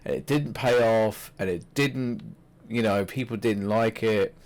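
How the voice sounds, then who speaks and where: A man co-hosting a podcast, chatting casually about wrestling, animated and swearing freely. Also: fairly low pitch, unhurried. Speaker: podcast co-host.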